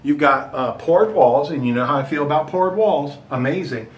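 A man's voice: a little high, moderate pace. A middle-aged man giving a rambling, joking house tour as a real estate agent, slightly out of breath. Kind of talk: casual walkthrough talking to camera. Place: inside a large empty house. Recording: echoey empty rooms.

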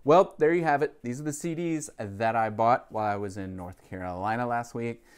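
His mid-range voice is brisk and smooth as this record-collecting vlogger walks the camera through music he picked up, casually rambling with fillers and side comments in a haul video.

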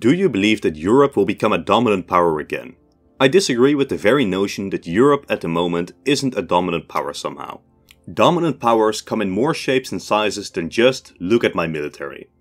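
Low-voiced young Dutch man. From Netherlands. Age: 20s. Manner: measured, reading out questions and answering. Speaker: history channel host. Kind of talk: scripted Q&A narration.

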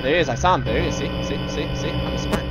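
A man's voice: on the high side, racing, over music, low-quality recording. A man giving casual, self-mocking commentary while playing a horror video game, laughing often. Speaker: let's player.

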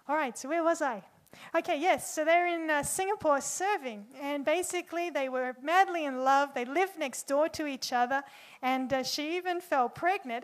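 A young woman preaching, telling a story in an animated way and acting out the quoted dialogue. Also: sits high. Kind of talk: sermon storytelling.

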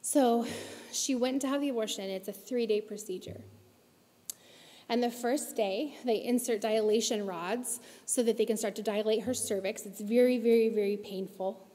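A woman's voice: a little high, moderate pace, warm tone. Emotional woman speaking in a reverberant church. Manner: emotional, intense, with urgent emphasis. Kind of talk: impassioned talk to a congregation. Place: large church auditorium. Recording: long hall reverb from a church auditorium.

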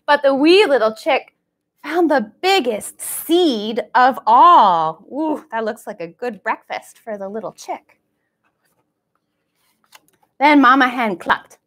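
This woman's voice is high, a bit bright and slow, with a sing-song lilt as she hosts a baby storytime over a live stream. Working as a children's librarian, she's playful and does animal sounds, captured by a camera across the room.

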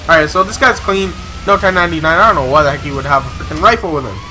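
An excitable young man gives let's-play commentary and slips into police radio role-play. His voice sits high and rings very bright. He rambles with plenty of fillers and shouts in surprise when the action turns. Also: soft background music, poor audio. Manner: excitable, exclaims loudly when startled; rambling, many filler pauses. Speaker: gaming channel host.

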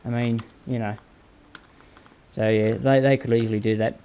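A man shows off his motorbike project in his workshop, talking loosely and pointing things out as he goes. His voice sits at an ordinary middle pitch. He keeps checking in with the viewer in a casual, unscripted way. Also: little pitch movement, normal speed, mellow, smooth. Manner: rambling, hands-on, addresses viewers with "all right?". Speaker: motorbike build vlogger. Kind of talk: casual workshop how-to talk.

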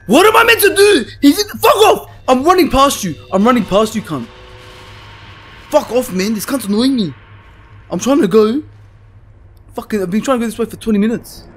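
Young man, horror game let's play, high pitch, swinging wildly, swearing, panicky. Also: husky. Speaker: gaming YouTuber.

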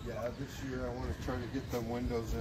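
A man, the vlogger's husband, chatting casually at home in short, low-key, mumbled replies. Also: flat delivery, fairly quick, a little mellow, rough recording. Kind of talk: casual family chat.

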